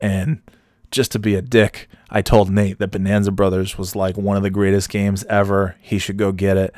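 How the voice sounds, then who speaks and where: Low-voiced man telling a profane anecdote. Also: flat delivery, normal speed, darkish tone, dry recording, clean studio sound. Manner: profane, laughing often, rambling restarts. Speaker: storyteller. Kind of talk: casual personal anecdote.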